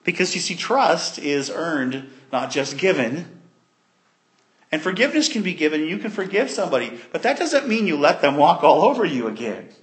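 Guy preaching a sermon, lively storyteller, goes loud then real quiet, slightly high voice. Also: moderate pace. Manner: animated storytelling, swings from loud to soft.

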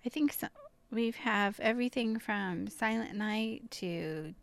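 A woman co-hosting a casual home podcast, soft-spoken and chatty, adding many short agreements. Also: medium pitch, unhurried, dry recording. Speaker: podcast co-host.

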